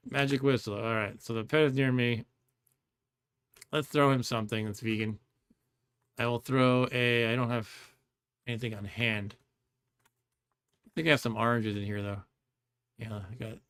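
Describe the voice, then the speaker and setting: A man's voice: fairly low pitch, a bit bright, clear, resonant tone. A man streaming a game with casual commentary, chatty and rambling, laughing often.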